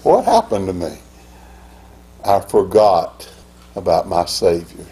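An older man preaching a sermon as pastor, in an impassioned style that climbs to high, emphatic peaks. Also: sing-song, takes it slowly, mellow.

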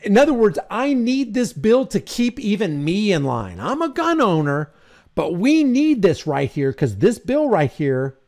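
A political commentary host from New Jersey, a man with a high but darkish voice, reads news aloud. He mocks it as he goes, ranting in a sarcastic, heated tone.

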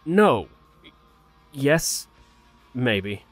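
A man's voice: mid-range voice, very animated, extremely slow, no room sound, faint music behind, exaggerated voice. Man playing an eager, wheedling young inventor. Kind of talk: fan audio drama.

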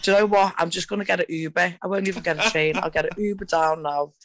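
A woman fighter on a radio talk show, telling her stories in a rambling, animated way with lots of fillers. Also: lowish voice, quick pace. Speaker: MMA fighter guest. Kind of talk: excited casual storytelling.

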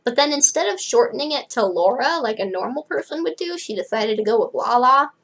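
A woman's voice: on the high side, expressive, brisk, fairly bright tone, rough recording. A teenage girl reading a novel aloud, breaking off for chatty, wry asides. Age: late teens. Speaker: book reader.

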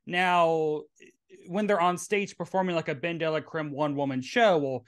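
A man's voice: on the high side, steady tone, normal speed, smooth. A man from Tennessee with a Southern accent, hosting a casual podcast chat in his drag queen persona, playful and chatty. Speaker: podcast host.

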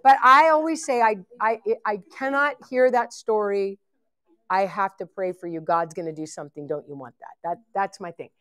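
A woman's voice: mid-range voice, normal speed, a bit bright. A woman leading a live ministry training session, blunt and joking as she teaches. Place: church event hall.

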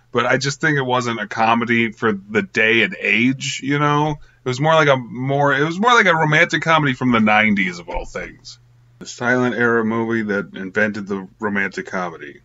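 A man's voice: on the low side, vocal fry, bright, forceful tone. A young man casually reviewing an old film, rambling with lots of fillers and little laughs. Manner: rambling, filler-heavy, giggly. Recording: slightly muffled lo-fi audio.

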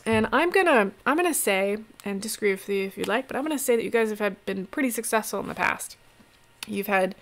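A woman narrating as game master of a tabletop game, relaxed and rambling with fillers. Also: a little high.

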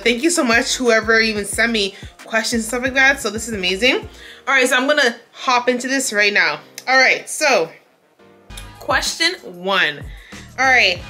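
A young woman from Canada answers viewer questions in a loose, animated vlog chat, laughing often. Her voice is bright and sits a little high. Faint music plays underneath. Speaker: vlogger.

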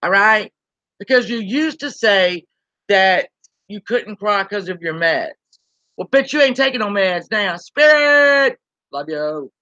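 A woman's voice: mid-range voice, unhurried, sharp tone, no echo, lo-fi sound. A woman, ranting bluntly and profanely on a live-stream while reading chat aloud. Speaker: YouTube commentary host.

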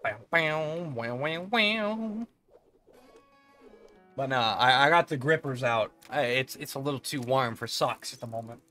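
A man's voice: medium pitch, brisk, few pauses, sharp tone, faint music behind. A young man live-streaming a game, chatting casually, laughing often and swearing freely in a rambling, playful way. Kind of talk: casual live-stream chat while gaming.

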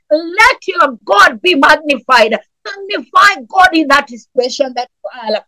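A woman leading a fervent morning prayer, reading scripture and pleading passionately, sometimes breaking into shouts and speaking in tongues. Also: high voice, dry recording, low-quality recording. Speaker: prayer leader.

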